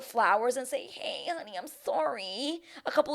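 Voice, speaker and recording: A woman talking casually as a vlogger, recapping a reality show in an animated, sarcastic way with exaggerated outbursts. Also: fairly high pitch, moderate pace, vocal fry, few pauses.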